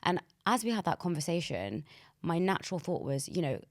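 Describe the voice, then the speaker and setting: Brief: woman host, low voice, dry close recording, reflective. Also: very animated, fairly quick, no echo. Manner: empathetic, reflective. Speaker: podcast host. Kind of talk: conversational interview.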